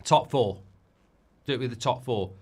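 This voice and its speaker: At a moderate pace and medium pitch, a middle-aged man hosts a live football watchalong. His speech rambles excitably, with many repetitions and false starts.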